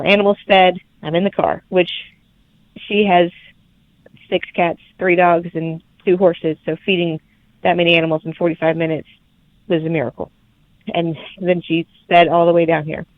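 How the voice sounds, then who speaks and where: A young woman, telling her birth story as a podcast guest in lively, laughing casual chat. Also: lowish voice, dry recording. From Alabama, USA. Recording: tinny phone-like remote line.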